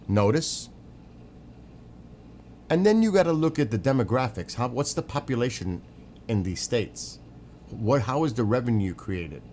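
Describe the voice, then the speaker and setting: A man's voice: medium pitch, a little hiss or hum. A man streaming, giving opinionated, rambling casual commentary and answering chat, swearing now and then. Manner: answers chat viewers by name.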